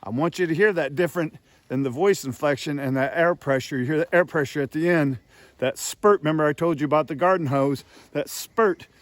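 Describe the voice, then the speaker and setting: A man's voice: a little high, quick pace, no room sound. A man with a slightly raised voice gives a step-by-step goose calling lesson. He sounds out honks and clucks to show the technique. The sound is dry and close. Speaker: goose call instructor. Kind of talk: instructional demonstration.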